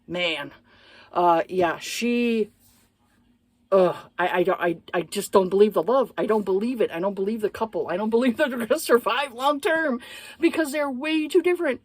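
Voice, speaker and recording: A woman's voice: medium pitch, a little slow, no echo. A woman giving a casual book review, blunt and profane, exasperated, with lots of hesitant fillers.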